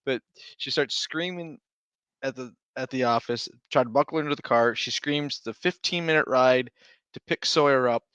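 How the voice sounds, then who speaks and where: A man's voice: medium pitch, normal speed, fairly bright tone, clear, resonant tone, dry recording, muffled recording. A man in his thirties, a stay-at-home dad co-hosting a podcast, telling a long rambling story in casual chat with restarts and laughs.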